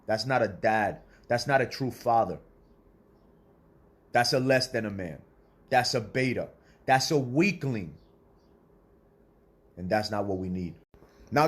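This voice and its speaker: A husky-voiced man at a middle pitch preaches tough love with a confrontational bite. He swears freely and lectures his listeners hard. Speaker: self-styled spiritual speaker. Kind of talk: blunt profane motivational sermon.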